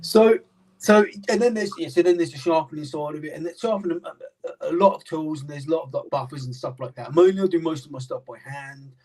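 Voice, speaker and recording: Brief: British man, casual guest on a chat stream, rambling and full of restarts, a touch higher voice, a little far from the mic. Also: fast talker, darkish tone. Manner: rambling, many fillers and restarts. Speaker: knife sharpener and maker, guest.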